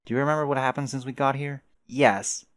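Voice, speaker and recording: A man voicing a cheerful, excitable teenage boy who talks eagerly and loudly. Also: medium pitch, a little fast, no room sound, clean studio sound, voice pushed up, lightly acted.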